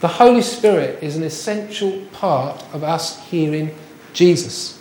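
A man's voice: a little high, unhurried, a little mellow, reverberant. A man preaching a sermon, chatty and full of rhetorical questions. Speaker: pastor.

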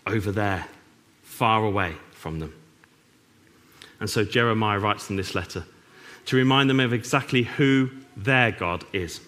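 A man preaching a sermon, earnest with dry humour and emphatic pauses, in a church. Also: a little high, bright, forceful tone.

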